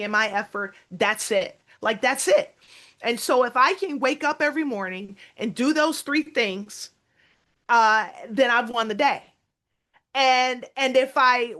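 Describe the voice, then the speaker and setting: A woman's voice: fairly high pitch, normal speed, fairly bright tone. Emphatic woman coach telling her story. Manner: emphatic, quotes her own past words. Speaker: basketball coach, interview guest. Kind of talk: candid interview storytelling.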